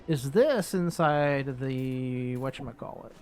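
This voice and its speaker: A man giving casual let's-play commentary, relaxed and thinking aloud as he builds in a game. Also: medium pitch, takes it slowly, pauses often, soft background music. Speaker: gaming YouTuber.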